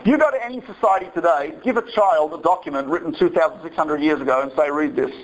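High-voiced man telling a funny story. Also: fast talker, rough recording. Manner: animated storytelling, acts out voices. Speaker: speaker giving a talk. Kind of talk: humorous lecture with anecdotes.

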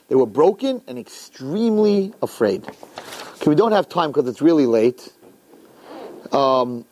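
Brief: male religious teacher, high and very animated, telling a story to a class. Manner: lively, colloquial, mixes in Hebrew and Yiddish terms. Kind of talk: animated Bible storytelling lesson.

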